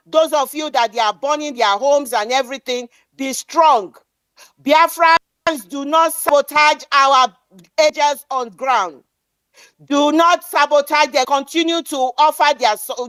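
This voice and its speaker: High-voiced woman giving a fiery speech. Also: a little slow, fairly bright tone, dry recording. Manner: defiant, declamatory, repeats lines for emphasis. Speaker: speaker at an online activist meeting. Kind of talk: impassioned political speech.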